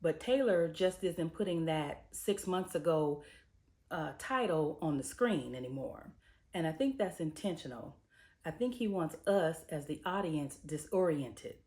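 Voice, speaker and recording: A woman's voice: low voice, expressive, measured pace, warm tone. A woman reviewing a TV episode from a screenwriter's point of view, chatting casually with lots of "um" and "you know" as she weighs the craft choices. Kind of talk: casual spoken episode recap and commentary.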